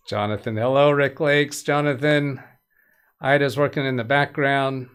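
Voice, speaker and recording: A man's voice: mid-range voice, steady tone, slow, fairly bright tone, clear, resonant tone. A man hosting a casual tech-help live stream from a home studio, chatty, greeting viewers by name and making light puns. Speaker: livestream tech help host.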